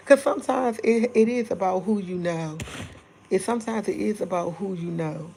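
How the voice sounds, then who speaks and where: A woman's voice: mid-range voice, measured pace, vocal fry, pauses often, a little hiss or hum. A middle-aged woman, chatting casually and rambling with livestream viewers and laughing often. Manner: speaking softly at times to keep quiet. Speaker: livestream host.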